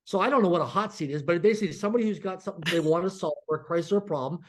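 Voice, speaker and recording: A man's voice: high voice, racing. A middle-aged man, a podcast guest, telling a story with energy and acting out the dialogue. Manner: animated, acts out dialogue in quotes.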